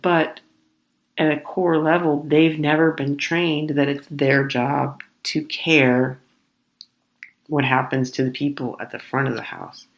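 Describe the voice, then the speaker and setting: A woman hosting a podcast, telling a comedic story in an animated, rambling way and acting out the other people in it. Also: sits low, slow pace. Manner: exasperated, rambling retelling. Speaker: podcast host.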